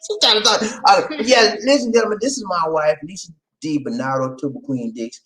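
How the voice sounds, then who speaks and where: A middle-aged man hosting a casual livestream chat, animated, swinging between low murmurs, shouts and bits of song. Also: a little fast. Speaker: channel host.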